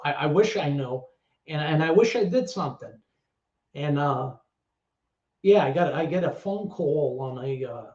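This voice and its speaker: A man's voice: on the high side, mellow, highs cut off. Blunt, swearing New man, roomy sound. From New York. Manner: blunt, heavy swearing, halting repetitions. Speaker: interview guest. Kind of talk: candid storytelling.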